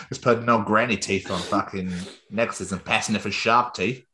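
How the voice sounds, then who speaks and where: A British man with a low voice trades sweary, jokey banter as a podcast host. His delivery is loose and casual. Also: fairly even intonation, moderate pace, background noise. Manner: sweary, jokey, laughs often.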